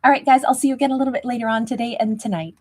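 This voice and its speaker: A woman with a slightly high voice hosts a live tarot stream. She chats casually, greets viewers one by one with pet names like sweetheart and babe, and laughs easily. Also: steady tone, racing. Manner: warm, chatty, laughs often, calls viewers babe and sweetheart. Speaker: tarot reader and channel host.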